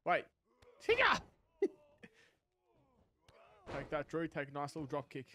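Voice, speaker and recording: A man commentating his own wrestling video game match. He is excitable, swears, and shouts at the game. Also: fairly high pitch, no echo. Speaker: gaming channel host. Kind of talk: live gameplay commentary.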